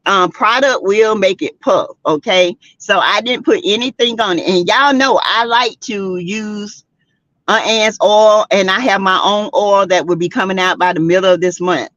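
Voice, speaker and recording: An older woman with a Southern US accent hosts a casual gossip livestream, sassy and animated, laughing often and greeting viewers by name. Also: medium pitch, normal speed, no room sound. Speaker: host of a celebrity gossip livestream. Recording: dry, dull lo-fi webcam audio.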